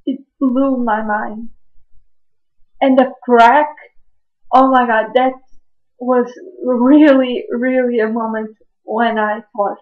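A woman's voice: a little high, steady tone, slow pace, phone-quality sound. A woman reacting to a TV episode on her webcam at home at night, gushing and exclaiming over and over. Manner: gushing, keeps exclaiming and repeating herself. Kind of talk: excited reaction vlog.

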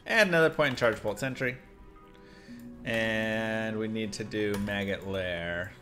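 A man's voice: fairly low pitch, measured pace, sharp tone, faint music behind. A man casually commenting on his gameplay during a live stream, chatty and rambling with frequent laughs. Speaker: game streamer.

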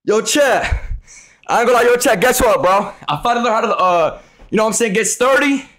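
A young man live streaming, loudly talking to his chat with profane, hyped trash talk and frequent shouting. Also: high voice, animated, a little fast.

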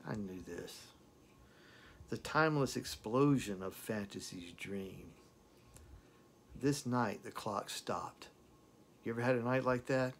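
Gravelly man reciting lyrics with passion. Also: on the low side, slight background noise. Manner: dramatic, slowed recitation with repeated words. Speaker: song reviewer. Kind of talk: impassioned lyric recitation and commentary.

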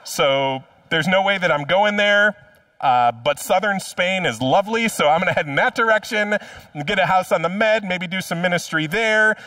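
A sulky, self-centered prophet grumbles and whines with sarcastic reluctance, as a preacher puts him on in a light, higher voice. The sound comes from a mic set well back, with a dry, flat room. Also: male voice, moderate pace, no echo, recorded from a distance. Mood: grudging.

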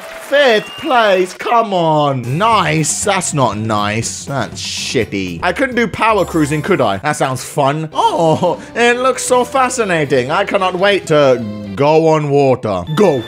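A young man giving loud, swearing let's-play commentary, breaking into excited shouts. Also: a little high, slow, hardly any pauses. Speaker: gaming YouTuber. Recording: game music behind the voice.

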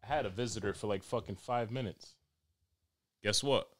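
A man hosting a podcast as a crude, excitable comic monologue full of swearing. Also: lowish voice, normal speed, no room sound. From New York. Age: 20s. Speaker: podcast host.

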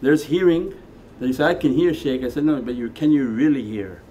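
A man teaching as a Sufi teacher in a spiritual lecture, talking conversationally and moving between quiet asides and emphatic lines. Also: medium pitch, fairly quick, slight background noise. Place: meditation center hall.

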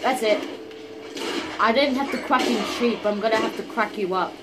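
A gamer giving casual, excitable commentary while playing a fighting game, often yelling and swearing at it. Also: medium pitch, normal speed. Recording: background noise.

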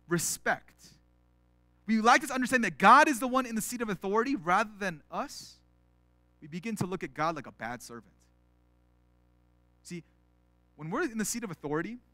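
Man, pastor, earnest sermon, high voice, dry close sound. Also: pushed and bright, no echo. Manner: earnest, repeats words when starting sentences; acts out prayers in quoted voices.

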